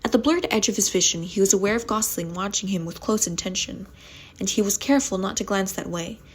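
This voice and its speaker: A woman reads a spooky story aloud at home in a soft, breathy voice. Her pitch sits in an ordinary middle range. She stumbles over words and restarts them, keeping the reading casual. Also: brisk. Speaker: ASMR channel host reading aloud.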